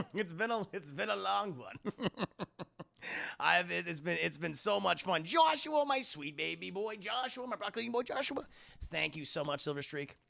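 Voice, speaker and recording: A man hosting a live stream, reviewing a film and greeting his chat in an animated, effusive way. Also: high-pitched, gravelly.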